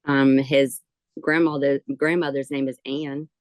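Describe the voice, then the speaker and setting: A woman's voice: extremely low pitch, little pitch movement, measured pace, darkish tone. A woman client at a reading, answering the medium briefly. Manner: brief replies.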